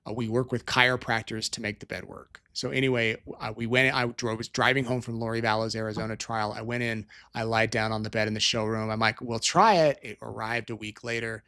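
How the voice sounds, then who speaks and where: A man's voice: lowish voice, monotone, fairly quick, hardly any pauses, bright, forceful tone, smooth. Rambling, chatty middle-aged man hosting. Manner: rambling and chatty, with restarts and tangents. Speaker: show host. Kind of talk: casual live-stream chat. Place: Utah.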